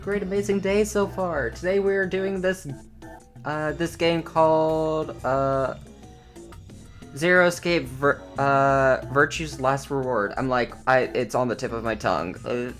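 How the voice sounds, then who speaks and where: Low-voiced woman chatting on stream. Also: lively intonation, slow pace, pauses often, soft background music. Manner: chatty, giggly, greets chat eagerly. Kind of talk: live game stream chat.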